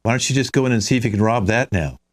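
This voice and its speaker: A man's voice: mid-range voice, very fast. A man hosting a live improv scene as a driver, announcing each passenger and their quirk. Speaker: improv host playing ride driver.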